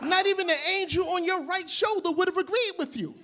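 A man's voice: extremely high pitch, fairly quick, hardly any pauses, pushed and bright. A man doing a stand-up set on a club stage, telling a story with incredulous, punchy jokes. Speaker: stand-up comedian. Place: comedy club stage with audience. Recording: live club recording with faint crowd.

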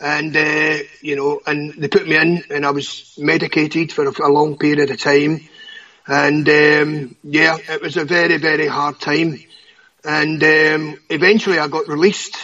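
A Scottish man in his fifties, a guest giving emotional personal testimony, halting and often repeating words. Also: a little high, flat delivery, sharp tone. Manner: halting, repeats words, stammers when upset. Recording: dull lo-fi audio.

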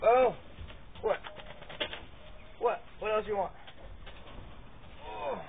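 This vlogger, a man showing how he handles dogs, has a high, expressive voice with drawn-out words and vocal fry. He rambles casually while working with the dogs in an outdoor pen, grunting with effort and repeating himself. The sound is thin and phone-like, with a bit of background noise.

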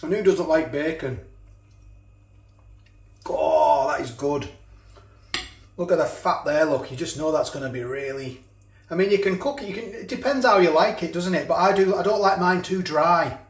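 This food reviewer chats casually while cooking and sampling dishes in his home kitchen for a relaxed vlog. He has a fairly high voice and a moderate pace with long pauses, and the room sounds spacious. He talks with his mouth full and frequently starts over.

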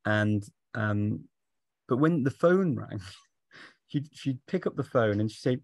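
A man's voice: medium pitch, lively intonation, slow, a little mellow, dry recording. A man interviewing on a video call, friendly and agreeable, laughing easily. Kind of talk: conversational interview.

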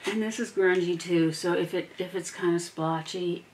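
A woman's voice: lowish voice, fairly even intonation, normal speed. A woman, chatting through a craft demo at her home desk and often dropping into half-whispered asides as she works. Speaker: crafting vlogger. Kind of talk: casual craft demo talk. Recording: noisy home recording.

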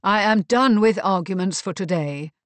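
A woman voicing an older society widow, imperious and brisk, with clipped commanding lines. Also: mid-range voice, dry recording, close to an everyday voice. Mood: weary. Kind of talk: audiobook character reading.

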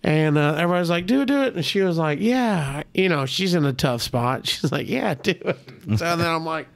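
A man's voice: on the high side, normal speed, creaky. A man, a comedian guest, telling stories in casual podcast chat and acting out the people he quotes. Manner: animated storyteller, acts out quotes.

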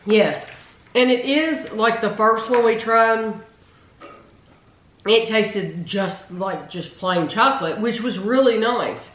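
A woman's voice: on the high side, takes it slowly. A woman hosting a casual taste test, chatting enthusiastically and reading product descriptions aloud. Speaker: food reviewer host. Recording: roomy echo.

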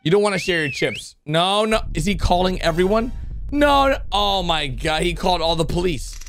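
A man hosting a video channel, giving excited play-by-play commentary on cartoons and breaking into sudden high-pitched shouts. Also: fairly quick. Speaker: YouTube host reacting to cartoons. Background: background music.

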